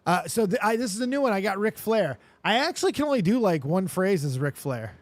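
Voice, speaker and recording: A man hosting a casual show, talking in a rambling, profane, excitable way. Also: high voice, brisk, dry recording. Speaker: host. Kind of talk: casual chat.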